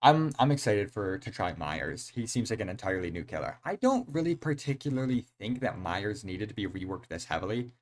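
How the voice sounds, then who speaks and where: A young man streaming a horror game, chatting casually in an excitable, rambling way full of slang and fillers. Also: lowish voice, a little fast, hardly any pauses. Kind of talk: casual live-stream chat.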